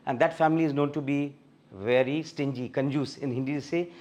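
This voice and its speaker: A middle-aged guest speaker with an Indian English accent tells his personal faith testimony at a fellowship meeting, becoming animated when reliving scenes. His mid-range voice moves a little fast.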